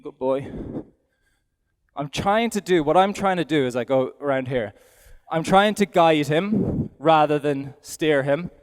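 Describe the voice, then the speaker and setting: A middle-aged Irish man coaches aloud from the saddle in a chatty, self-deprecating way. His voice is smooth and fairly high for a man. A long reverb from a big indoor arena follows every word. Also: measured pace. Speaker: event rider giving a riding demonstration. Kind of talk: live demonstration commentary.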